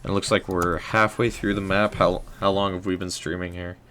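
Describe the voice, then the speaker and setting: A young man hosting a casual game livestream, rambling in a relaxed way with lots of "um" and "like". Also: low voice, brisk, slight background noise. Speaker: livestream host.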